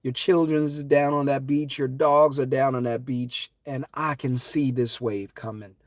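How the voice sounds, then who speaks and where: A man hosting a live stream in a fervent, preachy voice, with dramatic swings between loud and hushed. His voice sits at a middling pitch. The sound is dry and close, with no room echo. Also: fairly even intonation, unhurried. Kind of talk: impassioned live-stream talk.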